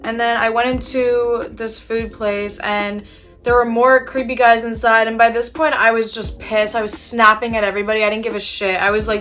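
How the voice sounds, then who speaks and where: A woman's voice: a little high, level tone, normal speed, a bit bright, faint music behind. A young woman chatting casually while doing her makeup, telling an exasperated story with casual swearing. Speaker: beauty vlogger.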